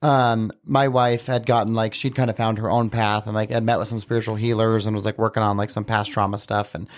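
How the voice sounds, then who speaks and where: A man's voice: on the low side, little pitch movement, fairly quick. A man talking as a podcast guest, telling a personal story casually and earnestly, with many filler words. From Southern Utah, USA.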